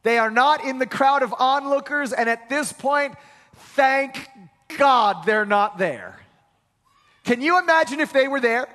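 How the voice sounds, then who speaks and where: A man's voice: very high-pitched, animated, a little slow, pushed and bright, long reverb tail. A male pastor preaching a sermon in a conversational way, with acted-out asides, in a church sanctuary.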